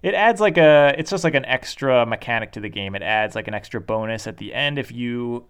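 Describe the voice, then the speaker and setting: A man co-hosting a board game podcast, talking in a rambling, halting way with lots of fillers. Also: mid-range voice, fairly bright tone, smooth. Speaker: podcast co-host.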